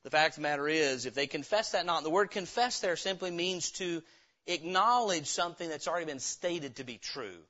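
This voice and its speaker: Bright, high-voiced preaching man. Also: animated, brisk, dull audio. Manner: emphatic preaching with rhetorical questions to the congregation. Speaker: pastor. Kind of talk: sermon, Bible teaching.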